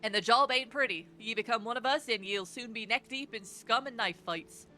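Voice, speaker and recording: A woman voicing a gruff male rogue guild lookout, reading game dialogue aloud in a rough put-on Scottish-style accent. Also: high voice, big pitch swings, quick pace, a bit bright, soft background music, pitched above the performer's own voice. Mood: warning.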